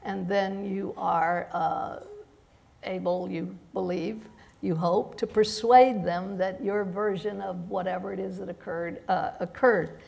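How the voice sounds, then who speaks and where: A woman judge speaking on a panel, halting with many restarts and fillers, who came to the country as an immigrant. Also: medium pitch, fairly even intonation, gravelly, a little mellow. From immigrant to the United States. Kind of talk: panel discussion.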